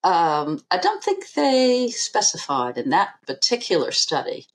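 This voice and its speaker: A woman, an eye surgeon on a podcast interview, speaking in a measured, emphatic way and repeating her key figures. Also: lowish voice, huge pitch swings.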